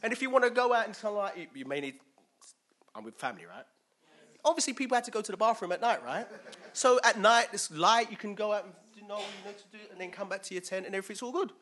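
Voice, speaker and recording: A man preaching with a bright, forceful edge, sitting a little high for a man. He talks to his listeners casually and quizzes them as he goes. He slips into little voices for the people in his story. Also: fast talker. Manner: lively, conversational, acts out quotes, asks listeners questions. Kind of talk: sermon.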